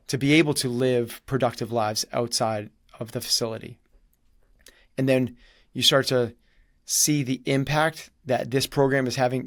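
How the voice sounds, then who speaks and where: A man's voice: medium pitch, dry recording. Dry, close-miked male storyteller. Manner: animated storyteller, acts out quoted dialogue. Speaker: guest. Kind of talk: conversational storytelling.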